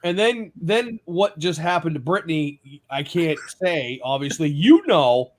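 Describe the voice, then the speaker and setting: Host, male, high animated voice, laughing storyteller in casual chat. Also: measured pace. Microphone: own mic at home.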